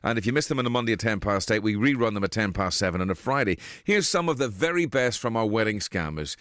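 A man's voice: fairly low pitch, expressive, fast talker, fairly bright tone, no room sound, studio quality. A man hosting a breakfast radio show, telling jokes in a cheeky way and laughing at his own punchlines. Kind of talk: joke-telling radio banter. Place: dry radio studio.

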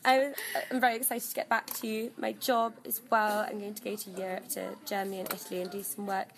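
A woman's voice: mid-range voice, level tone, brisk, creaky, a bit bright, rough recording. A woman singer as a guest on a radio show, speaking in a theatrical, articulate way with elaborate wording. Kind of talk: radio interview.

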